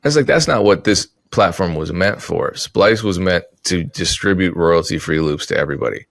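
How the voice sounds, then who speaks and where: Low-voiced man talking through an argument. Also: normal speed, creaky, no room sound. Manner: thoughtful, self-correcting, animated when making points. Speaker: podcast host, music producer. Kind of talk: casual opinion talk.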